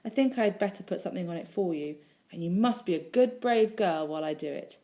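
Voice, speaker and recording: A woman reading aloud as a gentle, kind mother comforting her little girl in a soft voice. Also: on the low side, lively intonation, fast, close to an everyday voice. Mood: caring.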